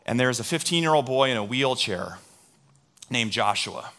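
A middle-aged male pastor preaching a sermon, telling stories in an animated way and drawing in the congregation. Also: mid-range voice, normal speed.

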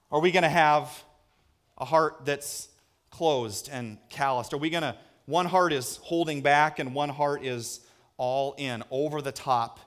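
A male pastor preaching a sermon, telling a lively personal story and acting out the voices in it. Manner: animated storyteller, acts out voices with big pitch jumps. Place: church hall with a screen.

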